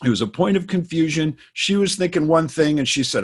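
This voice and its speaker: A man's voice: fairly high pitch, brisk, few pauses. A middle-aged man co-hosting, explaining ideas in a casual way with plenty of fillers, restarts and personal stories. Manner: storytelling, many fillers and restarts. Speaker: co-host. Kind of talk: casual instructional talk.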